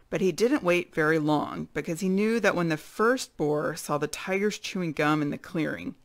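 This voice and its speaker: A woman reading a children's chapter book aloud with expressive storytelling. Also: low-pitched, no room sound. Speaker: read-aloud narrator.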